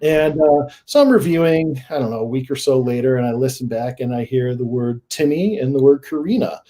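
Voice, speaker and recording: A man guest on a paranormal podcast, telling his stories in a casual, animated way that rises into excited emphasis. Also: medium pitch, a little fast. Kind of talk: casual storytelling in a podcast interview.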